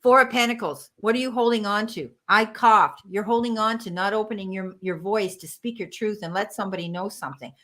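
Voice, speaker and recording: A woman's voice: mid-range voice, a little fast, hardly any pauses. An American woman hosting a live-stream tarot reading, reassuring and affectionate, calling listeners sweetheart and honey. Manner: warm, reassuring, calls viewers sweetheart and honey. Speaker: tarot reader and medium, live stream host.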